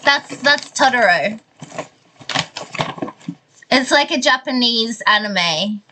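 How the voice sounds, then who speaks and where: Woman streaming slow, chatty Australian. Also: on the high side, a little hiss or hum. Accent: mild Australian. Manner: chatty, relaxed, frequent likes and laughs. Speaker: livestreamer. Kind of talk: casual chat with live viewers while building.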